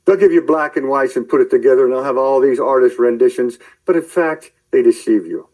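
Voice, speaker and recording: A man preaching in a rambling commentary, shouting angry tirades at his listeners and then muttering to himself as he browses his screen. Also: medium pitch, brisk, low-quality recording. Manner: addresses listeners directly, calling out believers. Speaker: online preacher.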